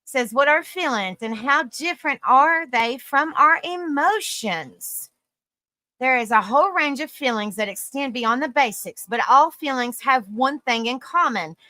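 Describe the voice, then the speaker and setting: A tired woman hosts a live stream, reading an article aloud, stumbling over hard words, and affectionately greeting viewers as sweetie and honey. Her voice is high-pitched, expressive, bright and forceful, and she speaks unhurriedly. There's no echo.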